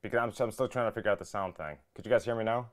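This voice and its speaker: A young man with a low, smooth voice hosts a casual live-stream podcast. He chats loosely and jokes, sounding a little flustered as he deals with technical trouble. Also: rapid-fire. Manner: jokey, flustered while fixing audio trouble. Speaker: podcast host.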